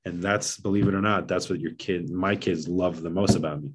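A middle-aged man with a very low voice speaks earnestly in a relaxed podcast chat. He often restarts and repeats himself as he searches for words. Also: brisk, background noise. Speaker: guest, father of seven. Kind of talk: casual podcast conversation.

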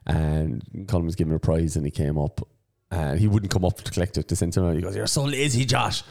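A man's voice: deep voice, brisk, vocal fry, a little mellow. A man co-hosting a podcast, trading banter and telling stories about running pub quizzes, acting out what people said. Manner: banter-heavy storyteller, acts out quotes. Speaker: podcast co-host and pub quiz host. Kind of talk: casual chat.

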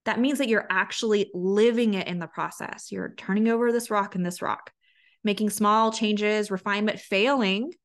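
A woman's voice: medium pitch, steady tone, moderate pace. A woman hosting a solo podcast as a health coach, talking in an earnest, conversational way with frequent restarts.

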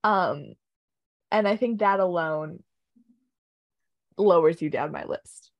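A woman's voice: on the low side, slow pace, long pauses, dry recording. A young woman co-hosting a casual chat, opinionated and joking, with lots of ums. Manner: chatty, opinionated, frequent ums and laughs.

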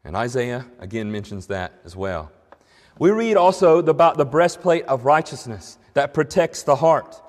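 A man preaching a sermon as pastor, speaking earnestly and slowing down to read scripture with emphasis. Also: mid-range voice, very animated, darkish tone, big-room sound. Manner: earnest preaching, slows and rises when reading scripture.

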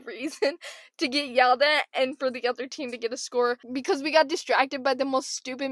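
High-voiced, gravelly woman podcaster. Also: a bit bright, no echo, studio quality. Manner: chatty and self-mocking, lots of "like". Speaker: podcast host. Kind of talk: casual storytelling monologue.

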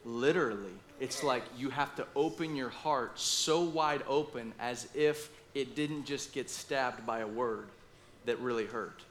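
A man preaching a sermon with passion, acting out his own inner dialogue and speaking with lively asides. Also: mid-range voice, unhurried, slight background noise. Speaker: pastor.

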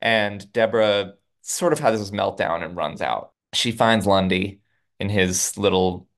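Low-voiced man recapping a TV episode. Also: fairly bright tone. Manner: retells scenes with quick quoted lines. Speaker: podcast co-host. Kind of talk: casual recap chat.

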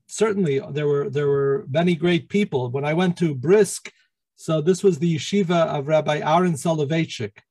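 A middle-aged man, a rabbi, telling his life story in an interview, halting with many restarts. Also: on the high side, dark tone, dry recording, poor audio.

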